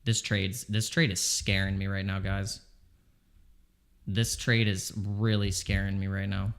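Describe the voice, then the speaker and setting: A man's voice: low voice, flat delivery, a little slow, creaky. A man streaming his crypto trades live from home, talking anxiously and pleading over and over with the market. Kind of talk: live trading stream commentary.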